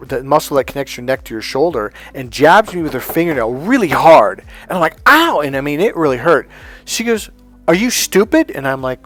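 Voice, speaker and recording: Male motivational coach, mid-pitched, emphatic storyteller with faint music behind. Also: dry recording. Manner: emphatic and animated, often acting out other people's lines. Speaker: life and dating coach. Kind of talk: motivational talk with personal stories.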